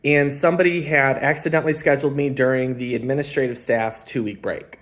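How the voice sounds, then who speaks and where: A man in his thirties telling his own life story in a casual, rambling, reflective way, often pausing with ums. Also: medium pitch, steady tone, a bit bright. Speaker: spiritual channeler and former music teacher.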